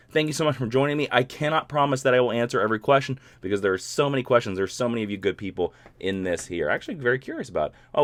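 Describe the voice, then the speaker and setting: A man's voice: medium pitch, no echo. Give me a playful man chatting to viewers on a live stream, in a dry, close recording. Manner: animated, rambling, playful. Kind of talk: casual live stream chat.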